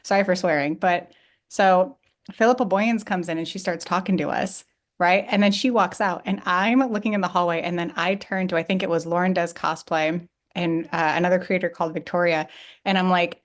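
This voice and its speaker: Excitable woman rambling in casual chat. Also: lowish voice, brisk. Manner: excitable, swears freely, rambling. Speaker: community member on a livestream.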